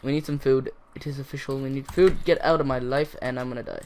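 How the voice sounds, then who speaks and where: A man's voice: mid-range voice, quick pace. Teen guy rambling thru his game, talks to himself, yelps when stuff goes wrong, bit of keyboard noise. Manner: rambling, self-talking, jumpy excitable outbursts. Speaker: gaming channel host. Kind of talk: casual gameplay commentary.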